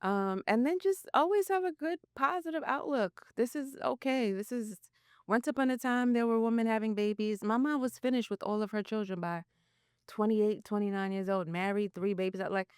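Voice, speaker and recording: A woman's voice: on the high side, moderate pace, darkish tone, clear, resonant tone, no room sound, clean studio sound. A woman guest on a podcast, talking candidly and matter-of-factly about her faith and her pregnancy. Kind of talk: casual interview chat.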